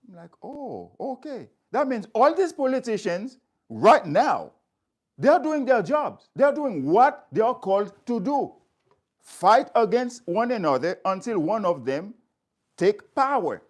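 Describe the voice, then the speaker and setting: A man's voice: high-pitched, sing-song, a little slow. A man speaking straight to his viewers, stressing his points by repeating phrases. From Haiti. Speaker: community speaker. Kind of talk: impassioned address to viewers.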